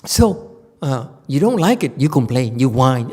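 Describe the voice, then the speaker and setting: A man's voice: medium pitch, sing-song, unhurried, a little mellow. A male Buddhist teacher giving a dharma lecture, blunt and teasing, often mimicking his students' complaining voices. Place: temple lecture hall.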